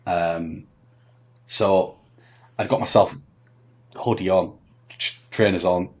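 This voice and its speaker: A man telling a long story on a podcast, halting with many ums and restarts. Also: low-pitched, steady tone, darkish tone. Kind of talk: casual storytelling chat.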